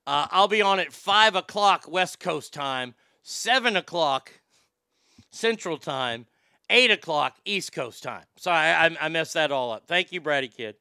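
A man's voice: a little high, animated, a little slow, vocal fry, bright, forceful tone, smooth, no echo, clean studio sound. A man with a Southern accent hosting a casual talk show, rambling, joking and swearing. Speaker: radio show host.

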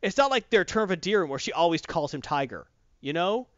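A man's voice: high-pitched, very animated, fairly quick, fairly bright tone, no echo. A man giving a blunt, profane, mocking review of a comic book in casual chat. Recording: dull dry close-mic sound.

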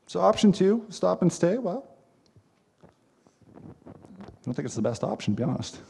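Gravelly-voiced man preaching a sermon. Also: high voice, big pitch swings, moderate pace, darkish tone. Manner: earnest, emphatic preaching with repeated phrases. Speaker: pastor.

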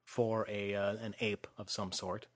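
This man's voice is on the low side, and his delivery stays flat. He's leading a casual conversation about films, explaining his views carefully and trailing off quietly as each phrase finishes.

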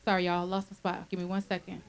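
A woman's voice: on the low side, completely flat delivery, quick pace, rough recording. A woman minister leading a Bible study, preaching conversationally and often checking in with her listeners.

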